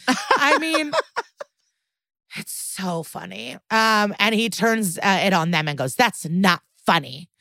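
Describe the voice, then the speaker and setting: A woman's voice: mid-range voice, lively intonation, slow pace, sharp tone, no room sound. A woman co-hosting a podcast, casually retelling a TV episode and laughing often. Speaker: podcast co-host. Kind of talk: casual recap chat.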